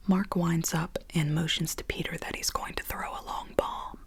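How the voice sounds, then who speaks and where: A woman ASMR host reading a script aloud in soft whispered role-play on a binaural mic, with casual chatty asides. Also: on the low side, fairly even intonation, normal speed, hardly any pauses, breathy edge.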